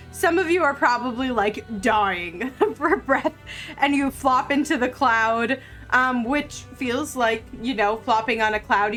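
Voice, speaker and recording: Slow, relaxed woman game master. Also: fairly high pitch. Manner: unhurried, full of ums and likes. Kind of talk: narrating a tabletop game.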